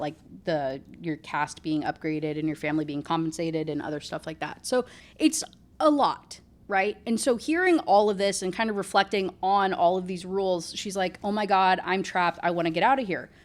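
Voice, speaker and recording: This woman's voice sits on the low side and moves fairly quickly. She's a book reviewer recapping a novel in a chatty, meandering way, tossing in sarcastic remarks and saying "like" over and over.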